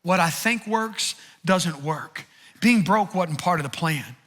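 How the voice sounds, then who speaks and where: A man's voice: high voice, lively intonation, slow pace, fairly bright tone. A man pastor giving an earnest, conversational sermon with repeated phrases.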